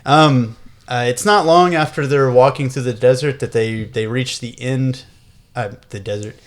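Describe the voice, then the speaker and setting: A man co-hosting a casual podcast, his pitch sitting in the middle range. He rambles through episode recaps, correcting himself as he goes and laughing often. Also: fairly even intonation, normal speed. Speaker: podcast co-host.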